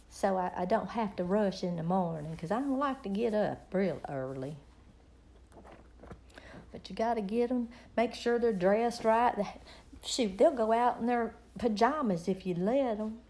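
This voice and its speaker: A woman's voice: medium pitch, a little mellow. A middle-aged woman, chatting casually and rambling with viewers on her live stream.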